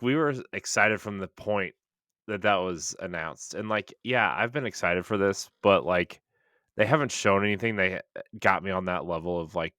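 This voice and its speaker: A man co-hosting a casual podcast, rambling with excitement and repeating himself. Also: low voice, dry recording, clean studio sound. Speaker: podcast co-host.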